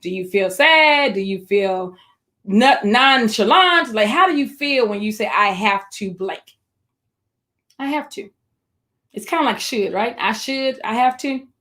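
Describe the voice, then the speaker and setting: Higher-pitched woman giving an encouraging webinar talk. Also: animated, sharp tone. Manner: encouraging, speaks directly to the audience; slows down to stress key phrases. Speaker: webinar presenter. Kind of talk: online presentation for educators.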